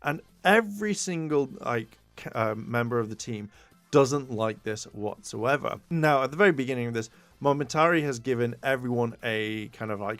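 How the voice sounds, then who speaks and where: A man's voice: medium pitch, expressive, normal speed, dry recording. A man casually recapping a TV episode for a podcast, rambling with lots of fillers and acting out the characters' lines. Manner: rambling, fillers, loose quoted impressions. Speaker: podcast co-host reviewing a tokusatsu episode.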